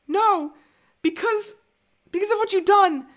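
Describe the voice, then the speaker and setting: A man putting on a falsetto voice as a heartbroken young woman senator, pleading in a drawn-out, breathy way. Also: a bit bright.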